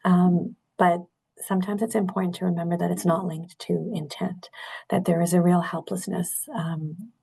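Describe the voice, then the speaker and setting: A woman's voice: on the low side, flat delivery, normal speed, creaky, dark tone, slightly rough. A middle-aged woman, a nurse, giving a webinar talk in an earnest, candid and reflective way over a video call.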